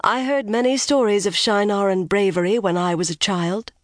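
A gracious young noblewoman, voiced by an audiobook reader speaks smoothly and flatteringly, sweet as honey and a little higher than the reader. The reading is close and dry. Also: normal speed, no room sound, lightly acted.

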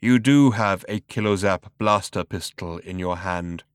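A man doing a cold, rasping ancient robot. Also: deep voice, no room sound. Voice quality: cultured rasp. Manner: slow, flat, patient.

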